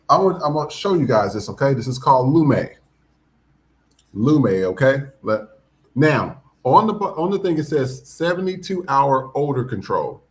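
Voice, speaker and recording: A man hosting a podcast, giving blunt, profane, emphatic commentary. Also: mid-range voice. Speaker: podcast host. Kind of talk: casual commentary.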